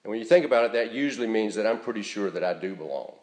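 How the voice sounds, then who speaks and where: A man preaching a sermon as pastor in a church, earnest and deliberate, stressing key words as he speaks. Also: fairly low pitch, lively intonation, reverberant.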